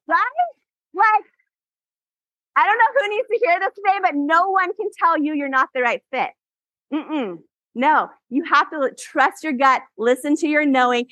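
A woman in her forties giving a motivational keynote on stage, telling stories with animated delivery and frequent laughter. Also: high-pitched, a little slow, pauses often, no room sound. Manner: animated, laughs often, acts out quotes. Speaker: keynote speaker. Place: event stage.

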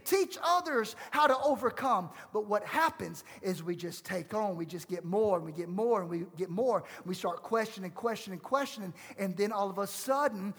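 A man preaching in a church, his voice sitting very high for a man. He talks to the congregation directly, swinging between loud exhortation and quiet asides. The sound carries a long, ringing reverb from the sanctuary. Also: normal speed, few pauses, husky. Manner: fervent, call-and-response preaching, swinging between loud and hushed. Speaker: pastor. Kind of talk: sermon.

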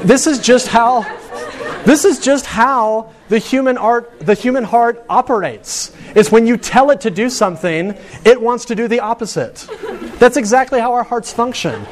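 A man's voice: very high-pitched, moderate pace, a faint crowd. A man preaching a conversational sermon, telling stories and building to points with rising emphasis. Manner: chatty and storytelling, with frequent restarts and rising emphasis.

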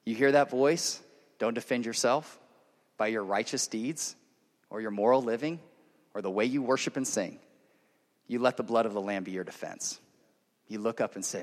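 Male pastor in the middle of a sermon, earnest, swings loud to hushed, mid pitch, long echo of a big hall. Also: moderate pace, pauses often. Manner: earnest and direct, swinging between loud emphatic passages and hushed intimate ones. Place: church service. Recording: long reverb of a large hall.

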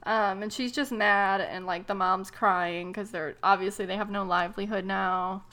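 A woman's voice: mid-range voice, steady tone, normal speed, pushed and bright. A young adult woman co-hosting a casual chat, sarcastic, laughing often and acting out quotes.

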